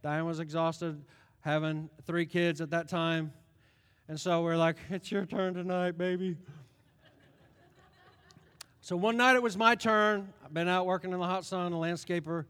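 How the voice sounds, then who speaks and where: A middle-aged man preaches with a high-pitched voice that rings out through a long reverberant hall. He tells stories animatedly, rising loud and dropping soft. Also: fairly even intonation, moderate pace, clean tone. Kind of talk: sermon.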